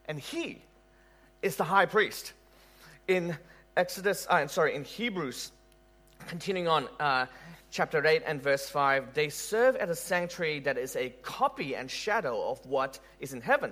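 Animated male preacher with a lively voice. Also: fairly high pitch, moderate pace. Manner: animated, rhetorical questions, laughs at own story. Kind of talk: sermon.

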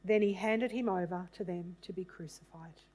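A woman reading a Bible passage aloud in a measured, solemn way, then reflecting on it. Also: fairly low pitch, darkish tone, slight background noise, poor audio.

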